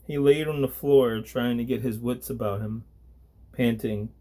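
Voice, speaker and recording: A man reading a story aloud as narrator, at a deliberate pace. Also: mid-range voice, steady tone, warm tone.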